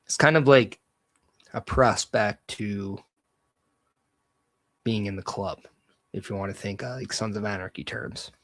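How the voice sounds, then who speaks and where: A man's voice: lowish voice, a little slow, pauses often, no echo. A man hosting a solo podcast, talking casually and with energy, giving strong opinions as he goes. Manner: energetic, opinionated, loose fantasy-booking talk. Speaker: podcast host.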